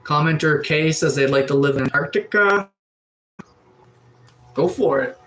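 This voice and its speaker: A livestreamer from Atlantic Canada, who has a cold, sits in a sunroom casually reading out and answering chat comments. His voice is on the high side and a bit bright, he speaks a little slowly, and the audio is poor.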